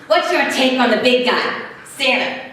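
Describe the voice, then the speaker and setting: A woman putting on the voice of a cynical, streetwise hobo man who needles with drawn-out lists of words, heard in an echoey hall from far off. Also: sits high, a bit bright, a little hiss or hum. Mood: skeptical.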